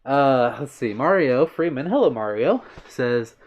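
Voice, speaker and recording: A man's voice: medium pitch, lively intonation, a little slow. A man hosting a casual livestream, reading out viewer comments with a playful, giggly manner and brushing off compliments bashfully. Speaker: livestream host.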